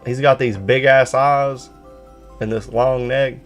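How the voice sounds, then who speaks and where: A man's voice: mid-range voice, steady tone, slow, faint music behind. A man hosting a gaming live stream, bantering casually and swearing freely. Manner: profane, laid-back banter. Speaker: streamer host.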